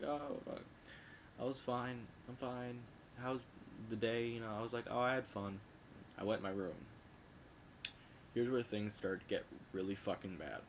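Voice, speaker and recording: A man's voice: fairly low pitch, a little hiss or hum. A young man casually telling a rambling, profane personal story, often restarting and correcting himself. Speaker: vlogger.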